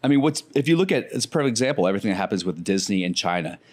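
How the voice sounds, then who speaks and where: A man, a comedian, talking casually on a podcast with profane, animated storytelling. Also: lowish voice, racing.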